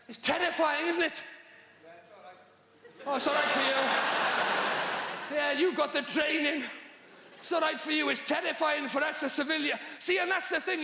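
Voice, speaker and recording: A man doing a live stand-up routine on a large theatre stage, exasperated and bursting into shouts. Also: very high-pitched, creaky, reverberant, long reverb tail. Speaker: stand-up comedian.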